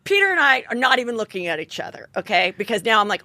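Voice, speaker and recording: A woman podcast host telling a story in casual chat, dramatic and animated, with a lot of swearing. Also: on the high side, fast, dry recording.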